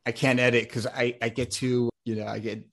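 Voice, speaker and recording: An American man chatting as a guest on a podcast. He rambles and restarts his sentences, and he sounds eager and heartfelt. His voice sits at an ordinary middle pitch for a man. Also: flat delivery, fairly quick, fairly bright tone. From United States. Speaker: podcast guest, ADHD coach. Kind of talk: casual interview chat.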